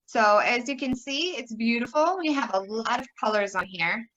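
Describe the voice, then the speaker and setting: A woman's voice: a little high, normal speed, muffled recording, background noise. A young adult woman giving a conference workshop presentation, upbeat and demonstrating word sounds by exaggerating them.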